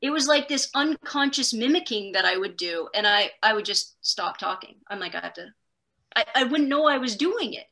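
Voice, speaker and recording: A middle-aged woman, a podcast guest, telling stories in an animated, self-deprecating way, fast in bursts. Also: fairly high pitch, creaky. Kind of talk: casual conversation.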